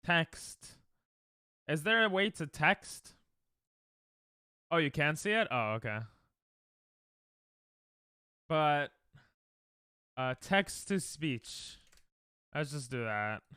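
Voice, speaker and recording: A man's voice: a little high, expressive, takes it slowly, pauses often, pushed and bright, clear, resonant tone, dry recording, clean studio sound. A man rambling and joking in casual livestream chat, often cutting himself off mid-sentence. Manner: rambling, self-interrupting, joking. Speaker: streamer.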